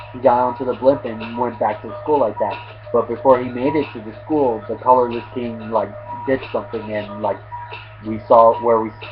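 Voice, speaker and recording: A man talks through an anime episode in a loose, slangy ramble that keeps looping back with fillers and restarts. The lo-fi recording sounds dull, and loud music plays behind him the whole time. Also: medium pitch. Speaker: anime reviewer. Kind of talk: casual episode recap. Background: loud background music.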